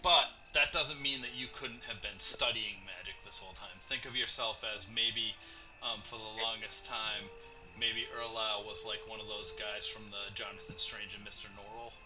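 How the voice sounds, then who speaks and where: Bright, low-ish male game master, rambling casual chat, faint music under it. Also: steady tone, moderate pace, low-quality recording. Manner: rambling, many fillers.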